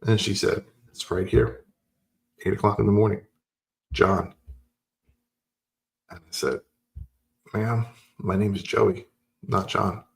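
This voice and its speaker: Male host, low gravelly voice, animated personal storyteller. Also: slow pace, long pauses. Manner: animated storyteller acting out dialogue. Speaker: podcast host. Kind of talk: personal story told casually.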